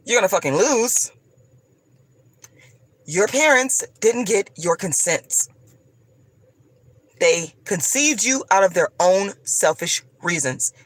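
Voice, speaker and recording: A woman's voice: mid-range voice, animated, slow, no echo. A woman vlogger delivering a profane, combative, preachy rant straight to her viewers. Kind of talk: ranting monologue to camera.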